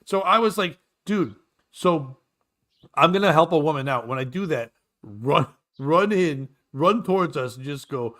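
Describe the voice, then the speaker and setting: Animated storytelling man. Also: fairly high pitch, moderate pace. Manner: animated storyteller, acts out scenes. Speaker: co-host. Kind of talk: casual morning show chat.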